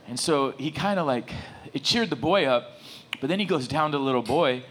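A middle-aged man preaching a sermon, telling a story with lots of rambling asides and animated bursts. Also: medium pitch, normal speed. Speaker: pastor.

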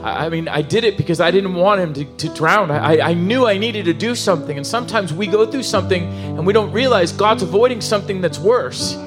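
A man preaching a sermon in an animated, emotional, conversational way, full of asides and restarts. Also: high voice, a little fast, few pauses, over music. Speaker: pastor.

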